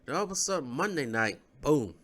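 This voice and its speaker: A man's voice: on the high side, big pitch swings, fairly quick, a bit bright. A man recovering from the flu, talking casually in a rambling vlog with many fillers. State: recovering from flu, cough drop in mouth. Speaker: YouTube sports commentator.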